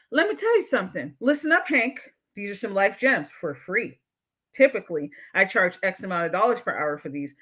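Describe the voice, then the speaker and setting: A woman's voice: mid-range voice, pushed and bright. A woman hosting a livestream and reading out chat comments. She is a therapist who talks bluntly and swears freely as she lectures her viewers. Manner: blunt, outspoken and profane. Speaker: livestream show host and therapist.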